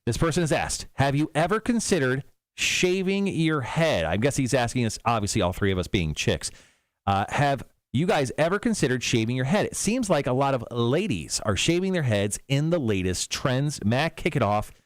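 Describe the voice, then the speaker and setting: A man's voice: moderate pace, no room sound, studio quality. A man hosting a morning radio show, joking and teasing his co-hosts in casual banter. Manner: teasing, joking, lively pitch swings. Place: radio studio.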